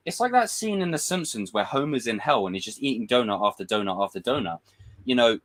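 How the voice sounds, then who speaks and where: Animated ranting man. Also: medium pitch, fast. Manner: animated, frustrated, swears, acts out quotes. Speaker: film commentator. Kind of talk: casual livestream rant.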